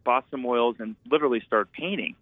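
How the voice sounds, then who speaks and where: A man's voice: medium pitch, fairly quick, dry recording. A man, once an architect and now a painter, tells his story earnestly, circling back and restarting his sentences. His mid-range voice comes through thin and tinny, like a phone call, with a dry close sound. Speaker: guest, painter and former architect. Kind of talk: reflective storytelling.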